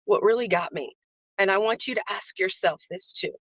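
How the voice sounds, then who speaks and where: A woman's voice: mid-range voice, moderate pace, fairly bright tone, breathy edge, no room sound. Earnest woman speaking live, dry sound. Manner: earnest and emotional, repeats phrases for emphasis; greets chat viewers by name. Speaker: livestream host and faith-based business coach. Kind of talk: live-streamed motivational talk.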